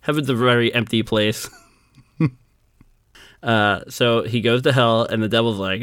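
A man's voice: mid-range voice, a little slow, pauses often, a bit bright, clean tone, no echo. A man co-hosting a podcast, telling a folk tale in casual chat, acting out the characters and laughing often. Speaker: podcast co-host.

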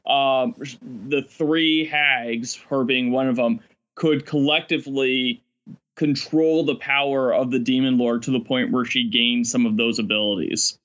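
Male game master guest, rambling storyteller, medium-pitched voice, lo-fi muffled audio. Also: unhurried. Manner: rambling, animated storytelling with frequent laughs. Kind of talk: casual podcast chat.

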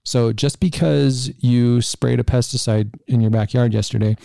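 A man co-hosting a health podcast, chatting calmly and adding dry remarks and reminders. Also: medium pitch, moderate pace, vocal fry, dry recording. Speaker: podcast co-host. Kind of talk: casual podcast chat.

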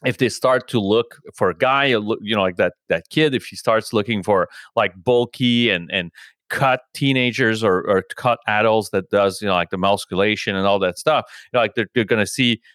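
A man's voice: on the low side, moderate pace, a bit bright, no room sound. A man hosting a podcast in casual conversation, rambling with constant filler words and swearing freely. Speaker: podcast host.

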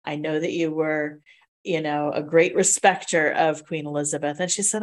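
Chatty low-voiced woman co-hosting. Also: normal speed. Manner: chatty, animated storytelling. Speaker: co-host. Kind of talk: casual chat.

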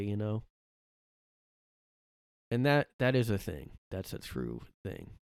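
A man's voice: mid-range voice, lively intonation, unhurried, pauses often, clean tone, no room sound, studio quality. A man rambling through a casual solo podcast from his room, full of fillers and restarts. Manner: rambling, lots of fillers and self-corrections, laughs often. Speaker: podcast host. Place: home room.

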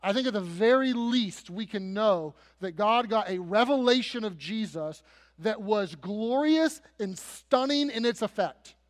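A high-voiced male pastor preaches with dramatic storytelling, sinking to soft passages and swelling to loud, emphatic peaks. His voice rings out with a long reverb, as in a large church sanctuary. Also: animated, measured pace. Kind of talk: sermon.

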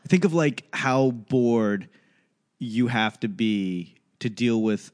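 A man's voice: mid-range voice, lively intonation, slow, a little mellow. Laid-back swearing American man chatting. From United States. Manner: laid-back, swears freely, acts out quoted voices. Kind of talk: casual chat.

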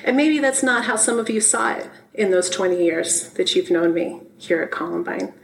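A woman's voice: medium pitch, lively intonation, moderate pace, creaky, slight background noise, poor audio. A middle-aged woman minister giving a personal, heartfelt, conversational sermon in a church sanctuary. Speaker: minister giving her first talk.

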